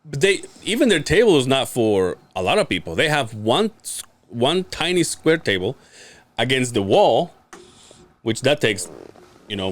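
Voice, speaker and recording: A man, a podcast co-host, telling a story in casual chat, acting out quotes, laughing and swearing freely. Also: medium pitch.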